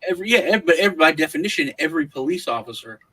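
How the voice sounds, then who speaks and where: A man's voice: a little high, quick pace, poor audio. An American man co-hosting a casual podcast discussion, telling stories with lots of restarts and repeated words. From United States. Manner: animated storyteller. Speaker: podcast co-host.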